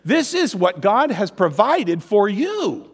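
Lively high-voiced man preaching. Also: slow, breathy edge. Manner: conversational preaching with tag questions; acts out quoted voices in dialogue. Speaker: pastor. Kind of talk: sermon. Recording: long hall reverb.

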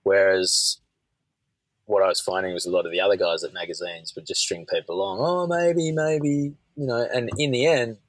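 A man's voice: low voice, a bit bright, no room sound, low-quality recording. A man who works as a surf commentator, talking candidly as a podcast guest. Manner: candid, measured storytelling. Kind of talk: casual conversational chat.

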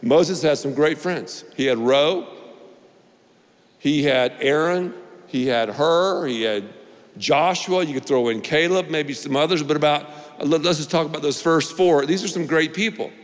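A man's voice: a little high, a little slow, in a large hall. A male pastor preaching a sermon, emphatic and repetitive, with playful asides.

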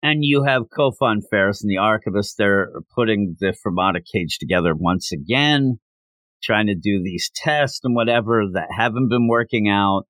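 A man co-hosting a casual comic book review chat, animated and jumping into mocking voices for the characters. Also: on the low side, moderate pace, dry recording. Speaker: podcast co-host.

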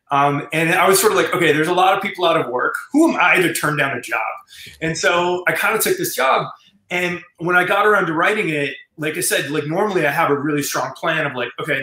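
Male screenwriter guest, casual rambling storyteller, slightly high voice, roomy sound. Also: bright, forceful tone. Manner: rambling, many fillers and restarts.

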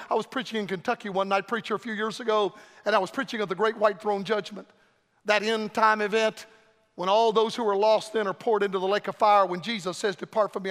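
A man preaching an impassioned revival sermon, swinging from shouted pleas to low, hushed warnings. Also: long reverb tail.

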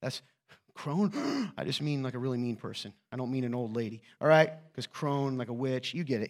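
A man's voice: mid-range voice, brisk. A man preaching a conversational sermon as a pastor, joking and often asking his listeners "right?".

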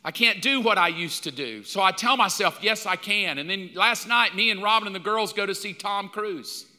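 A man in his fifties preaching a sermon, telling stories with animated, mock-outraged outbursts. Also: high-pitched, normal speed, big-room sound. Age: 50s. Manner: animated storytelling, jumps up loud in mock outrage. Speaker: pastor.

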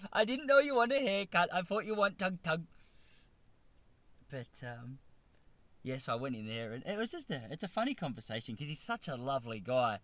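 A man's voice: a little high, fairly bright tone, dry recording. Rambling Australian man in his thirties. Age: 30s. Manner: rambling, self-deprecating, stumbling restarts. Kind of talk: comedic monologue.

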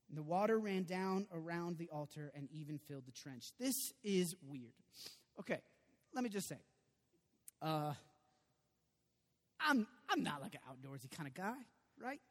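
Male pastor, high voice, animated chatty preaching with loud bursts, echoing hall. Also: moderate pace. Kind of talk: sermon. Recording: long reverb of a large hall.

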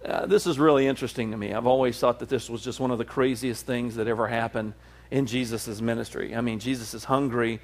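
A middle-aged man preaching a sermon as a pastor, telling the story in an animated way. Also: fast. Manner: animated storytelling, acts out the disciples in a high excited voice.

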